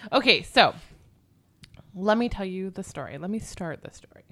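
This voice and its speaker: A woman's voice: medium pitch, expressive, normal speed, pushed and bright. A woman co-hosting a podcast, telling a ghost story in loose, chatty talk with swearing and giggly asides.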